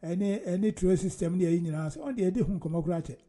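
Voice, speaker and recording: A man's voice: sits high, fast talker, mellow. A man hosting casual political commentary, rambling and emphatic, with frequent laughter.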